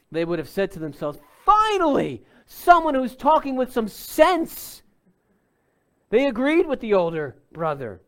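A man preaching an expository sermon, explaining a passage in a deliberate teaching tone with bursts of emphasis. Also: fairly high pitch, darkish tone, clear, resonant tone. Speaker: pastor.

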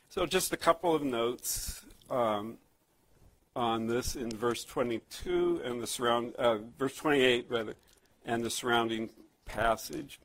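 A man preaching a sermon, telling a childhood story and reading scripture slowly, with frequent restarts and fillers. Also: medium pitch, fairly bright tone, poor audio. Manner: conversational storytelling with many restarts; slow, emphatic scripture reading. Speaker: pastor.

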